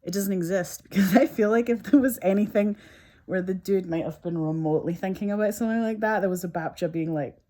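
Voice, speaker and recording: A woman talking in a chatty, meandering way, full of "like" fillers and quick laughs, while sipping a juice. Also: mid-range voice, dark tone. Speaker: filmmaker talking to camera. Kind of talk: casual rambling monologue.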